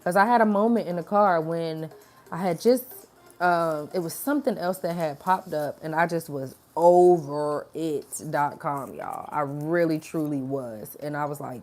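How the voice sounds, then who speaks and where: A woman with a low, slightly mellow voice speaks at a moderate pace, giving her viewers a casual spiritual pep talk. She's chatty and colloquial, calls them y'all, and acts out voices when quoting dialogue as a spiritual message creator.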